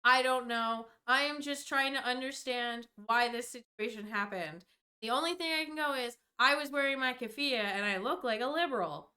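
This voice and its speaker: A young woman with a high voice tells a storytime rant straight to camera. Her tone is bright and sharp-edged, and she is exasperated and rambling, with casual swearing throughout. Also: moderate pace. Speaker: vlogger.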